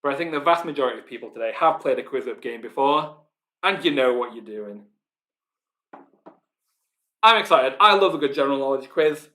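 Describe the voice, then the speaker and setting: A man's voice: medium pitch, fast talker, fairly bright tone. A man with a Yorkshire accent hosting a live online pub quiz, chatty, reading out team names and laughing often. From Yorkshire, England. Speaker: quiz host.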